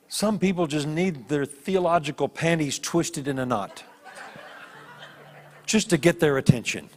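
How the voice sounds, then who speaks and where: A man preaching a sermon as a guest preacher, telling stories with lively voiced characters. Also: on the high side, a little slow, slight background noise. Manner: animated storytelling with voiced characters. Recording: long hall reverb.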